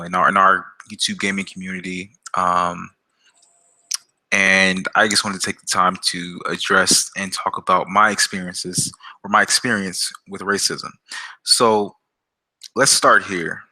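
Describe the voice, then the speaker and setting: A man with a low voice and a very bright, forceful tone tells a personal story to camera. He talks casually and hesitantly, stumbling over restarts and filling pauses with um and uh. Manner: hesitant, many fillers and restarts. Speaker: gaming YouTuber.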